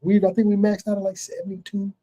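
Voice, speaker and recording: Loud high-voiced Chicago man. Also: fast talker. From Chicago area. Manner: loud, animated storytelling with profanity. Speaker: podcast host. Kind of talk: casual chat.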